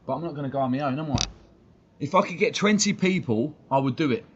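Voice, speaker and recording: A man's voice: fairly high pitch, lively intonation. A man hosting a fan channel, ranting heatedly and swearing a lot during live-stream commentary. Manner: heated, sweary, fast-talking rant. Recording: dull lo-fi stream audio with faint noise.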